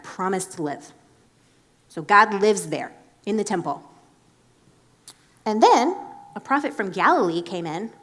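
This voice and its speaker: A woman preaching in a casual, chatty way, animated and filling her talk with "like.". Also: medium pitch. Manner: chatty and animated, heavy use of "like". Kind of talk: casual sermon.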